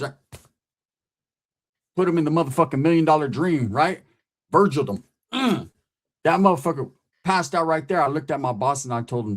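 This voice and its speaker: Profane storytelling man, keeps asking "right?". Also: on the high side. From California. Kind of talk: casual storytelling.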